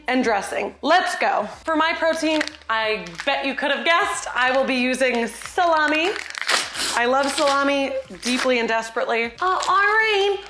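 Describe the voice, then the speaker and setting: Bubbly high-voiced woman in a kitchen. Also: a bit bright, echoey room. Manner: bubbly, playful and chatty. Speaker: cooking video host. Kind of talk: casual cooking tutorial. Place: home kitchen.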